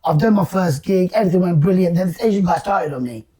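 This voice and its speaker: A man, casually telling a long story to friends. His voice is mellow and dark, and he slips into lively put-on voices for the people he quotes. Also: high voice, fast, slightly rough. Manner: animated, acts out quoted voices, slangy. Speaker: guest storyteller.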